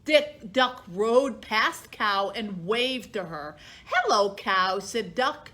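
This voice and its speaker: A woman's voice: mid-range voice, animated, extremely slow, bright, forceful tone. A woman librarian reading a picture book aloud to children, in a sing-song storytime voice that acts out the animals.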